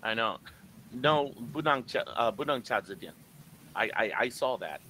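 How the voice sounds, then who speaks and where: Animated, bright-voiced male English teacher. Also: medium pitch, normal speed, slight background noise, rough recording. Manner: animated and joking, acting out confused listeners. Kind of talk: live online lecture. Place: online class.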